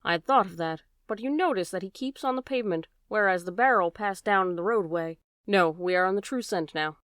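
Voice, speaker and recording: A woman voicing a shrewd, calm gentleman detective in an audiobook reading, measured and crisp. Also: medium pitch, no room sound, clean studio sound, natural voice. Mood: wary.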